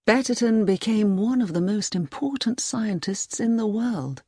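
A woman's voice: medium pitch, lively intonation, measured pace, warm tone, breathy edge, no room sound, voice pushed up. Woman reading as a tired desk-bound official. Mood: weary. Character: weary male security official, calm, bookish. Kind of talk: audiobook reading.

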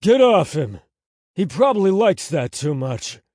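A man voicing a furious, abusive middle-aged father who shouts and growls. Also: high voice, sing-song, unhurried, no echo, clean studio sound, pitched above the performer's own voice, full character voice. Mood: enraged.

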